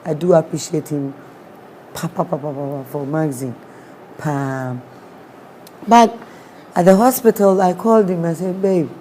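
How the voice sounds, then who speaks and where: A woman's voice: low-pitched, moderate pace, pauses often, mellow, a little hiss or hum. A woman with a Ghanaian accent, a guest sharing a personal story with feeling. She acts out what people said and mixes in Twi words.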